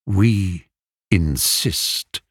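A man voicing an older male suitor in a storybook who speaks with smooth, mocking politeness. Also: sits low, very slow, no room sound, studio quality, pitched below the performer's own voice. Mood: condescending. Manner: drawling, mock-polite.

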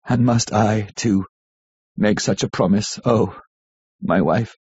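A man voicing a grief-stricken husband in an audiobook, pleading and faltering with a low, husky voice. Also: takes it slowly, a little mellow. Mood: grieving. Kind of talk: audiobook character reading. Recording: dull lo-fi audiobook recording.

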